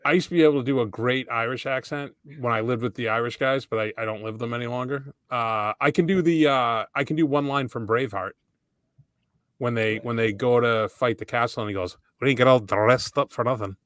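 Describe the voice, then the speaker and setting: A man's voice: medium pitch, fairly quick, fairly bright tone, dry recording, clean studio sound. A man co-hosting a podcast, running an easygoing round of questions in casual chat. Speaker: podcast co-host asking questions.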